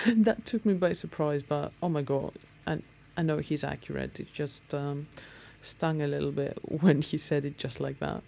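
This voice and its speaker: Deep-voiced with vocal fry and a dark tone, this female motorcycle vlogger keeps a steady tone at a moderate pace. She rambles casually to the camera mid-ride, dropping many ums.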